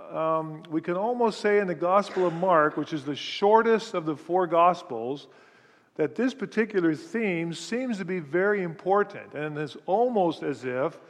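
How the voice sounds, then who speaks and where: A man, a pastor, teaching through a passage of scripture in sermon style, explaining it step by step for his congregation. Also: on the high side. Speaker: pastor teaching a Bible study. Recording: long reverb of a large hall.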